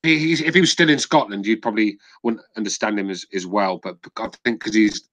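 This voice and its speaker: A man's voice: fairly low pitch, fairly quick, fairly bright tone, no echo. A man from southern England with a southern English accent, hosting a podcast in casual chat, rambling with repeated words and swearing. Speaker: podcast host.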